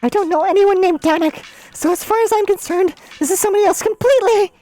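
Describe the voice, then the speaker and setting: A proud young alien girl argues her case in a high, indignant voice, as a woman streamer puts her on. She sounds defensive and quick to take offence, with light music playing under her. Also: dark tone. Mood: defiant.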